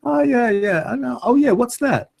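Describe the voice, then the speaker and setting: A high, chirpy duck ambassador from another world, put on by a man. He sounds polite and a little bemused. The voice is husky, and it bounces around a lot. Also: animated, normal speed, darkish tone, heavily acted.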